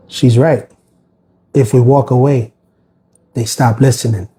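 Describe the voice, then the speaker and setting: A man's voice: mid-range voice, level tone, normal speed, mellow. A middle-aged man talking casually and with grievance on a livestream, rambling with many fillers and restarts. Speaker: postal worker livestreaming.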